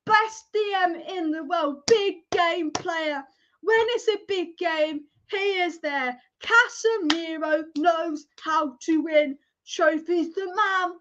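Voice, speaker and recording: A young woman hosting a live football watch-along, excitable and casual, chanting and swearing as she reacts. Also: very high-pitched, slow pace. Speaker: football fan livestream host. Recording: dull lo-fi stream audio.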